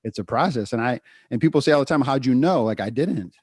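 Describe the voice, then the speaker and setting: A man co-hosting a podcast, telling a candid personal story in casual chat, full of fillers and quick asides. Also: mid-range voice, animated, slightly rough, no room sound, studio quality. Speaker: podcast co-host.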